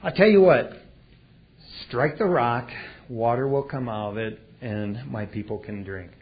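A preacher doing a low, hushed, fatherly God. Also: unhurried, close to an everyday voice. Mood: calm. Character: calm, fatherly male God speaking low. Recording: dull lo-fi recording.

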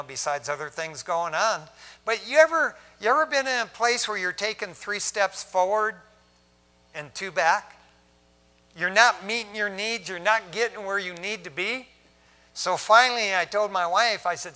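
A man's voice: fairly high pitch, bright, forceful tone. A middle-aged man, a pastor, telling his own story in a sermon, casual and conversational, acting out the dialogue as he goes. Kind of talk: sermon testimony.

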